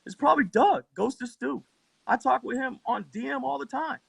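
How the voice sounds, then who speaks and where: A livestream debate participant, worked up and cursing constantly, rambles into his phone and keeps returning to earlier parts of his story. His voice is fairly high, gravelly, and breathy at the edges, at a normal speed. The audio is close and dry with no room sound.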